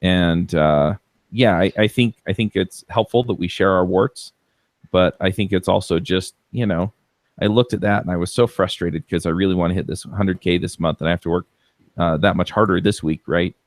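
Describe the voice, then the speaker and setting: A man with a low voice talks through a story in casual podcast chat, loose and full of fillers. His voice is close and dry, with almost no room sound. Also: normal speed, dry recording. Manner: relaxed storytelling with many fillers. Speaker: podcast co-host.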